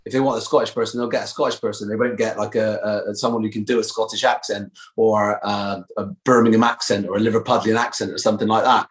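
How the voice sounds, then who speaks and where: A man with a Bristolian English accent, chatting as a guest actor in an interview, full of fillers and restarts. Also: medium pitch. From Bristol, England. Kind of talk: casual interview chat.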